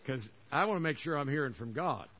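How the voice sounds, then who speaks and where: A man's voice: medium pitch, lo-fi sound. An older man preaching a sermon as pastor, folksy and conversational, hammering phrases over and over.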